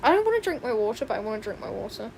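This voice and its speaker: A young woman chatting on a livestream while she draws, excitable and rambling, often squealing and laughing. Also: a little high, very fast, vocal fry, noisy background. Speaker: livestreaming artist. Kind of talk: casual stream chat while drawing. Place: home room with open window.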